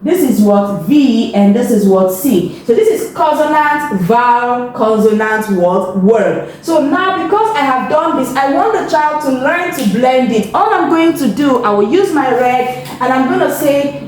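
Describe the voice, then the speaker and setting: A woman with a Nigerian accent teaches reading in a high voice and an unhurried pace. She drills sounds, asks leading questions, answers them herself and cheers often. The recording is very echoey with a faint hiss. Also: expressive. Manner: encouraging, frequent praise. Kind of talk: instructional video lesson. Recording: echoey room, faint background noise.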